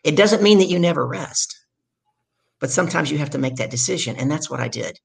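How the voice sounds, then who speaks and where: A middle-aged woman from the States, telling her story as a guest in an energetic, emphatic way. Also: deep voice, a little fast, vocal fry, breathy edge. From southern United States. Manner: energetic, emphatic storyteller who acts out quotes. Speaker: guest, business speaker. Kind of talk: storytelling in a conversation.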